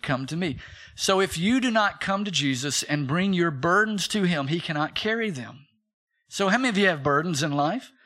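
A male pastor in his thirties preaching a sermon, telling stories with acted-out quotes and calling on the congregation to repeat after him. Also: a little high. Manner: animated storytelling with acted quotes, calls for congregation response.

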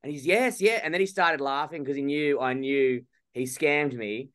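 A man's voice: mid-range voice, steady tone, normal speed, fairly bright tone. A young Australian man co-hosting a casual podcast, telling a story with swearing and mock outrage. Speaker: podcast co-host. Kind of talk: casual chat. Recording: phone or laptop call from abroad.

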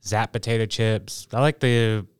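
A man who is a guest on a laid-back chat show, speaking in an easygoing way. His voice sits a little low and rings very clear, and the sound is dry and close. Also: fairly even intonation, a little slow, no room sound. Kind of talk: casual chat.

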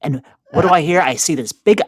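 A man's voice: fairly high pitch, fairly quick, a bit bright, slightly rough, no room sound, studio quality. Man, podcast co-host, rambling casual storyteller, lots of fillers and self-restarts.

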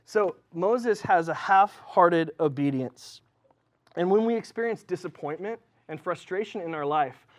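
In church, a male pastor from Southern California delivers a casual, conversational sermon packed with ums and likes. He speaks at a normal speed in a high-sitting voice with lively intonation.

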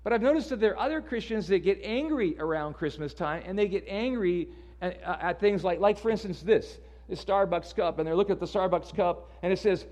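A man's voice: high voice, brisk, hardly any pauses, darkish tone. A man preaching a sermon in a casual, conversational way, often repeating words as he restarts. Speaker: pastor.

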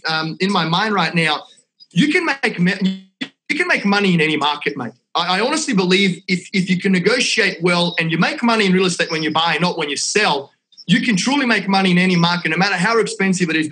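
High bright-voiced Australian man. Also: poor audio. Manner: energetic, salesy, peppers talk with "mate" and "right?". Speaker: real estate investment company owner, podcast guest. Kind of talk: casual podcast chat.

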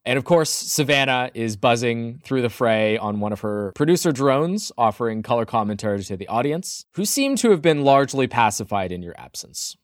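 A man serves as game master, narrating a tabletop scene with playful detail and frequent laughter. His voice sits at a middle pitch. The recording is dry and close. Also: animated, normal speed, few pauses, dry recording. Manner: playful, descriptive, laughs often.

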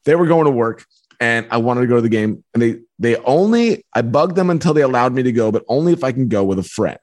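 A man, a book author and podcast guest, telling a personal story in a lively way. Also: mid-range voice, quick pace. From New York. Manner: lively, acts out voices in anecdotes. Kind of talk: animated storytelling.

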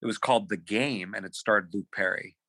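A man telling a story as a podcast guest, animated, repeating words as he acts out quotes on a close mic. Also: fairly low pitch, brisk, husky, no room sound, rough recording. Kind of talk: casual storytelling.

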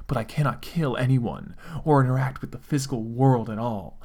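A man's voice: mid-range voice, normal speed, mellow, lightly acted. A man voicing a brooding, all-powerful male death spirit with grave, solemn pronouncements.

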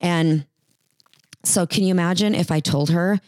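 A woman in her forties preaching a sermon, animated, acting out quoted voices. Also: fairly low pitch, measured pace, long pauses, no room sound.

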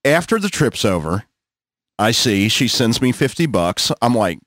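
A man's voice: mid-range voice, very animated, measured pace, fairly bright tone, no echo, clean studio sound. A man in his thirties, a podcast host, telling a crude story in laid-back, laughing casual chat. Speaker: podcast host and rideshare driver.

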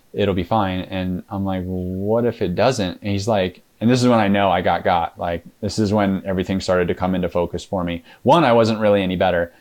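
A man being interviewed, recounting his experience haltingly with many fillers and restarts and acting out past conversations. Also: deep voice, darkish tone. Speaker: interview guest. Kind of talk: casual storytelling interview.

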